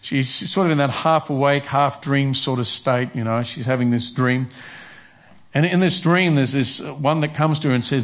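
Man preaching in a halting, chatty way. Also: medium pitch. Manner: conversational, halting preaching with many restarts. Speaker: pastor. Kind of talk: sermon.

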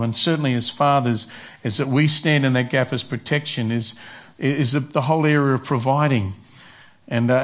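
A male pastor, giving a conversational sermon with many restarts. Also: medium pitch.

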